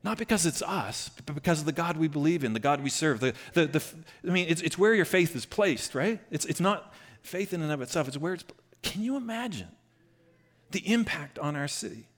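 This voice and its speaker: A man preaching a conversational sermon, retelling a scripture story with lively bursts. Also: fairly high pitch, brisk. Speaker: pastor.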